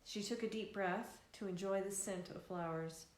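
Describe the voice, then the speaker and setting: A woman author reads her novel aloud, easygoing and unhurried, her middle-pitched voice ringing in an echoey room. She stumbles and restarts a word now and then, keeping it relaxed. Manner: easygoing reading with small restarts. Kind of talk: live reading of a novel.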